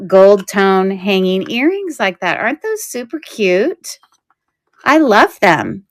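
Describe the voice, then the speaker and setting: A woman's voice: medium pitch, fairly bright tone. Chatty, giggly woman host. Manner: chatty and giggly, with frequent fillers. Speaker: online shop host selling jewelry on a live stream. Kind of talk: casual live-stream selling chat.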